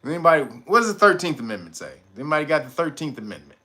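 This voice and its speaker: A man's voice: a little high, big pitch swings, racing, pushed and bright. A man hosting a casual livestream, talking in profane street slang, laughing often and answering his viewers' chat. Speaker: livestream host.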